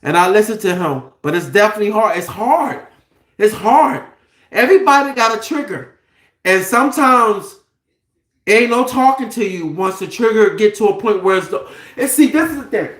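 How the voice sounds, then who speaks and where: A man's voice: high voice, expressive, normal speed, fairly bright tone, roomy sound. A man delivering an impassioned, profane monologue, firing off rhetorical questions in a heated, preachy way.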